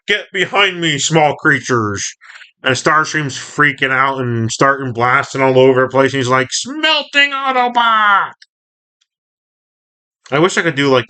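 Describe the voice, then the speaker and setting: Chatty man reviewing a comic, bright. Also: mid-range voice. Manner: chatty, rambling, self-correcting. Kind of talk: casual comic reading and commentary.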